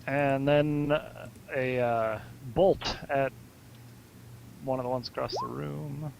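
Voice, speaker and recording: A man's voice: mid-range voice, fairly even intonation, slow, gravelly, a little hiss or hum, rough recording. A man playing a tabletop game, talking casually and rambling, with stumbles and laughs. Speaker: player.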